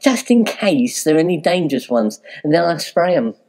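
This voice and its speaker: A man's voice: on the high side, sing-song, normal speed, darkish tone. A man voicing a dim, camp male poison-maker with flighty, swooping delivery. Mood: silly.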